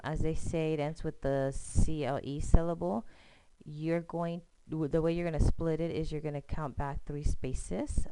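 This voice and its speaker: A woman's voice: deep voice, mellow, clear, resonant tone, no room sound, poor audio. A woman teacher patiently explaining a screencast lesson step by step, often checking in with "okay?".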